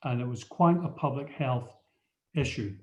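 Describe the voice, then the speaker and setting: A man's voice: medium pitch, moderate pace. A man with a slight Scottish accent presenting a webinar over a video call, hesitant, with many ums and restarts. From Scotland. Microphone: computer mic on a video call. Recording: muffled video call audio.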